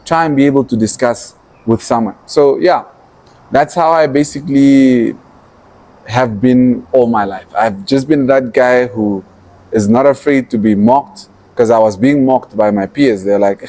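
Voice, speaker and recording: A Namibian entrepreneur and activist, appearing as a podcast guest, tells his story in a mellow, warm, medium-pitched voice at an unhurried pace. He narrates with animation, slipping into quoted lines of what he once thought or said.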